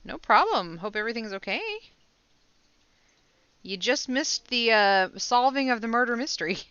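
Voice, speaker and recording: A woman's voice: fairly high pitch, animated, normal speed, bright, forceful tone, clean tone, no room sound, highs cut off. A woman hosting a casual crochet livestream, chatting with viewers and laughing often. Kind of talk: casual live chat with viewers.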